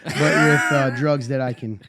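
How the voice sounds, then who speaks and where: A man co-hosting a casual faith podcast chat, hoarse from a sinus illness and drowsy, clearing his throat often. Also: mid-range voice, fairly even intonation, measured pace, fairly bright tone, a little hiss or hum. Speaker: podcast co-host.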